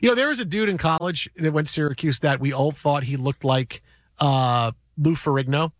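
A man hosts a sports radio show in a dry studio, his voice sitting fairly high. He speaks in fast, excited bursts, restarting and repeating his words as he goes. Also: dry recording. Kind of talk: sports radio talk and storytelling.

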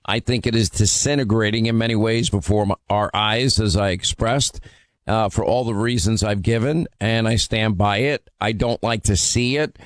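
A man's voice: lowish voice, normal speed, no echo. A man hosting a call-in radio show, talking in an emphatic way with frequent fillers and restarts. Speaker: radio talk show host.

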